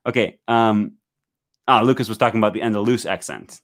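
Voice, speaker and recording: A man with a somewhat low voice hosts a relaxed livestream from home. He reads out viewer comments and answers them in an easygoing, meandering way, full of fillers and restarts. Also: fairly quick. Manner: relaxed, chatty, many fillers, reads comments aloud in several languages. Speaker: livestream host. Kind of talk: casual livestream chat reading viewer comments.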